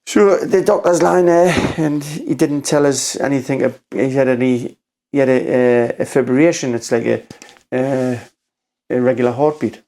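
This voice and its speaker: A man with a Geordie accent, a podcast guest telling a story in a rambling, halting way, acting out quotes with "I says". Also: medium pitch, dark tone. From Newcastle, England. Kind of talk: casual storytelling conversation.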